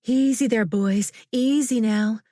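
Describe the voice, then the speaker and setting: A woman voicing a shy, gentle young woman who speaks softly, a little above her narrating voice. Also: a little high, expressive, slow pace, no room sound, clean studio sound, voice pushed up. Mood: soothing.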